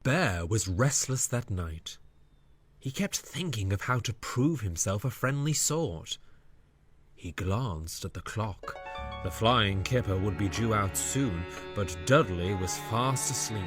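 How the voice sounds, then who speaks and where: A man narrating a storybook tale in a scripted, measured way. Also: fairly low pitch, lively intonation, fairly bright tone, husky, no room sound, soft background music.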